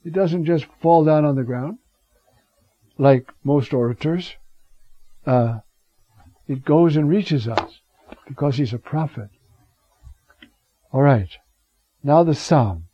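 Preacher, male, unhurried and a bit raspy, rambling Bible teaching with rhetorical questions, dry close sound. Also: on the high side, warm tone, dry recording. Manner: digressive, with rhetorical asides and Hebrew words. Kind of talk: scripture teaching sermon. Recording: dull lo-fi recording.

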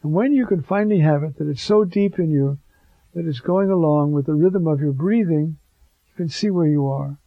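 A male priest giving a sermon in a fervent, animated way, chuckling now and then. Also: a little high, moderate pace, dry recording. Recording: dull lo-fi dry recording.

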